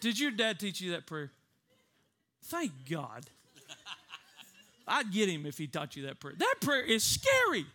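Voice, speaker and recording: Brief: male preacher, very high bright voice, lively comic storytelling from the pulpit. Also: unhurried, long pauses. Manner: animated, laughs often, acts out voices.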